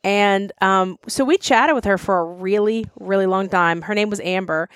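A woman's voice: mid-range voice, moderate pace, clear, resonant tone, no echo, clean studio sound. A woman with a Mid-Atlantic American accent, co-hosting a podcast in casual, emphatic chat. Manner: chatty and emphatic, addresses listeners as y'all. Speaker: podcast co-host.

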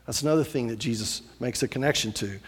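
A man preaching a sermon as pastor, animated and repetitive, acting out little voices as he tells a story. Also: mid-range voice, fast talker, husky, big-room sound.

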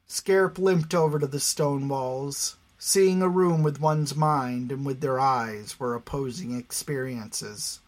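An audiobook narrator reads scripted fantasy in a mid-range male voice. His storytelling is slow, measured, and even.

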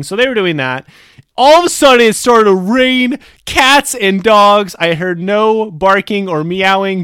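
A young adult man telling a personal story in a chatty, animated way, full of casual fillers. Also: on the high side, clean tone, no room sound, clean studio sound.

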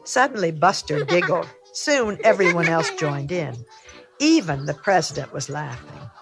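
An older woman from the United States hosting a storytime, reading a picture book aloud with gentle, lively storytelling. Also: low-pitched, unhurried, creaky, loud music behind the voice. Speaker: storytime host reader.

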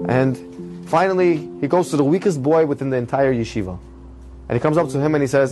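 A man's voice: a little high, brisk. Give me a man telling an uplifting religious story conversationally, with faint music in the background. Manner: conversational, animated with many fillers.

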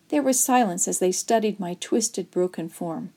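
A woman reads a children's story aloud, gentle and expressive. Her voice sits at an ordinary middle pitch, and she storytells with care for young listeners. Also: normal speed, few pauses.

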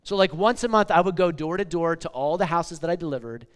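A pastor in his forties gives a casual, conversational sermon in a slightly high, smooth voice, talking fast and animatedly. He keeps checking in with "okay?" and "like," and the recording carries long hall reverb.

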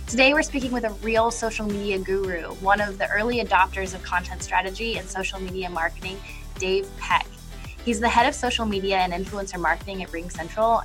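A woman's voice: mid-range voice, a little fast, a bit bright, soft background music. Nasal-voiced woman hosting a podcast. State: recovering from a cold. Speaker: podcast host. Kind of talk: scripted podcast introduction and interviewing.

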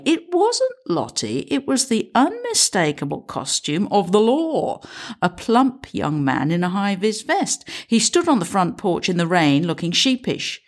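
A woman narrating a comic story in a dry, wry way. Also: lowish voice.

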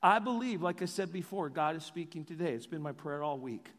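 A man preaching a sermon as pastor, animated and joking in asides. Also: a little high, fairly quick, long reverb tail.

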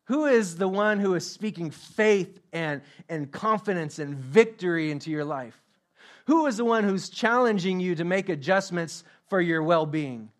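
A man's voice: high-pitched, animated, normal speed. A man preaching a sermon as pastor, emphatic, repeating his questions and joking about himself. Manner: self-deprecating humor.

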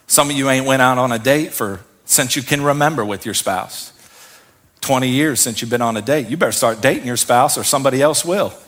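Fiery, bright-voiced male preacher. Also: medium pitch, a little fast. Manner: fiery, preaching with shouted peaks and call-and-response. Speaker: pastor. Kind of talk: sermon.

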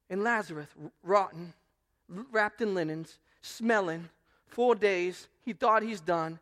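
A male pastor preaching a sermon, swinging between loud proclamation and quiet asides. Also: sits high, a little slow.

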